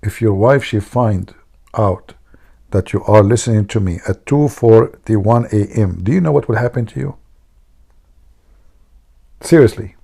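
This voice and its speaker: Man, native Arabic speaker, livestream host, joking and mocking, gravelly, dark voice. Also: on the low side. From Middle East. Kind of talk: casual livestream talk.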